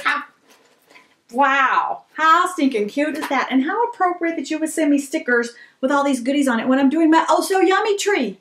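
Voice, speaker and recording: A woman's voice: high-pitched, normal speed. A woman, gushing and exclaiming over fan mail in a casual vlog. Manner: gushing, excitable, gasps and squeals. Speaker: vlogger opening fan mail. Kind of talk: casual chat.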